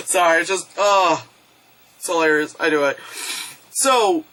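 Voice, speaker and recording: Bright-voiced excitable woman reviewer. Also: fairly low pitch, a little slow, low-quality recording. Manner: excitable, profane, bursts into loud yelps. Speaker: movie reviewer. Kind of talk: casual movie review vlog.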